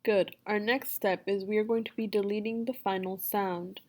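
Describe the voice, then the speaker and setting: A woman teaching a phonics lesson for young children, sounding out words slowly and deliberately. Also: medium pitch, fairly even intonation, darkish tone. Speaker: second grade teacher.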